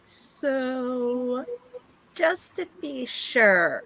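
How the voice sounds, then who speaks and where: A woman's voice: high voice, big pitch swings, very slow, gravelly, fairly bright tone, pitched above the performer's own voice, exaggerated voice, poor audio. A woman voicing a wary, blunt young girl who speaks in a suspicious, direct way.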